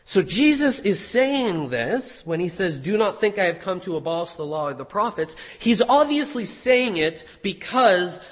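A man's voice: high voice, a bit bright, breathy edge. A man preaching an expository sermon, earnestly teaching a passage with emphatic rises. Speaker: pastor. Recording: reverberant hall.

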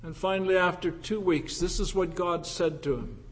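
A male pastor preaching a sermon with passion, swinging from loud declarations to hushed, intimate lines. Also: high voice, moderate pace.

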